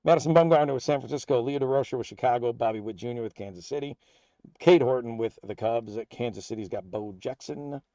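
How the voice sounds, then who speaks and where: A man hosting a live card break, calling out player names and teams as packs are opened in a steady, upbeat patter. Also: mid-range voice, brisk, no echo, highs cut off. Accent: American.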